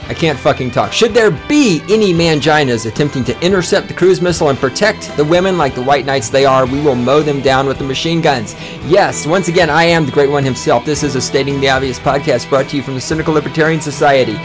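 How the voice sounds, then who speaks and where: A man hosting a podcast from a small studio, ranting loudly and boastfully with heavy swearing. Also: on the high side, a little fast, music in the background. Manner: loud, fired-up, profane and boastful. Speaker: podcast host. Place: small recording studio with a control room.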